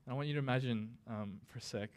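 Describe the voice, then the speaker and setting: Conversational man preaching a sermon. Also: medium pitch. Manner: casual and conversational, with self-deprecating asides; acts out scripture quotes with slow, dramatic emphasis. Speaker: pastor.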